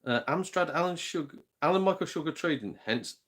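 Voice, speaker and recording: A man's voice: a little high, animated, brisk, hardly any pauses, fairly bright tone, slightly rough. A man with a British accent chatting casually on a live stream from home, rambling, mildly swearing and reacting to viewer comments. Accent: British English. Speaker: gaming channel host.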